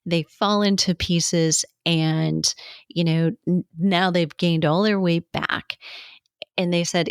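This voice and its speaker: A woman's voice: fairly low pitch, slow, no echo, studio quality. A middle-aged woman teaching a health coaching lesson, acting out quotes from clients and coaches and laughing often.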